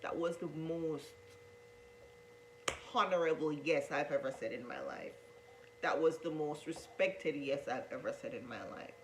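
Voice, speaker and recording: A woman's voice: sits low, unhurried, a little hiss or hum, low-quality recording. A woman telling her coming-out story to viewers, earnest and repetitive, often calling them guys. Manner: earnest, repeats herself, addresses viewers as guys. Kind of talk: emotional storytelling to camera.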